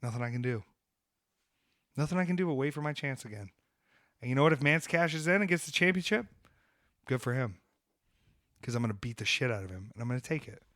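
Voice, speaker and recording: A podcast host and wrestler with a mid-range, fairly bright voice trash-talks in a brash, comic rant during casual podcast chat. He's animated and a little fast but leaves long pauses. The audio is dry and close on a studio mic with no echo.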